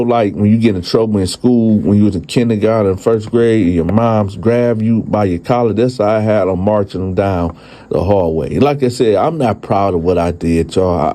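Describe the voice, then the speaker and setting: A man telling his own story in a casual, profane, animated way, speaking straight to his listeners. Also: fairly low pitch, a little hiss or hum.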